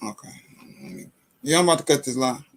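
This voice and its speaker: A man's voice: medium pitch, brisk. A man hosting a casual live stream, flustered and frustrated as he struggles with the tech while talking to his chat.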